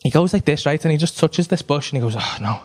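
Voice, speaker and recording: A man's voice: a little high, fairly even intonation, fast, a little mellow. A man doing stand-up, telling a rambling, sweary story and checking in with "right?" every few lines. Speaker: stand-up comedian. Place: comedy club stage.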